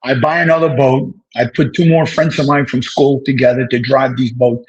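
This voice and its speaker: An older man, an interview guest, telling stories from his past in a casual, animated way and acting out the dialogue. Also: mid-range voice, normal speed, highs cut off. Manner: animated storyteller who acts out dialogue.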